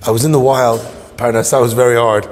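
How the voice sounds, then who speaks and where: A man's voice: mid-range voice, flat delivery, fast, natural voice. A man voicing a weary male gorilla who complains about the food in a zoo joke. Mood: complaining. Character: hungry male gorilla posing as bear. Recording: long hall reverb.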